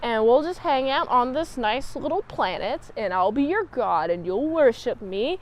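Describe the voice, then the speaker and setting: A lonely godlike alien man, full of self-pity, pleads and laments in a light, high voice, as a woman puts him on. The delivery stays close to an everyday speaking voice. Told as part of a casual spoken recap. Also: animated, moderate pace, lightly acted. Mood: boastful.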